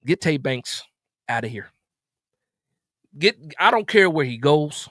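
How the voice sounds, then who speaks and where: Man, fairly high voice, exasperated live-stream rant, repeats himself, sudden loud bursts, dry close mic. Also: sing-song, slow, long pauses, no echo. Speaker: live stream host reacting to a game. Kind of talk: animated post-game rant.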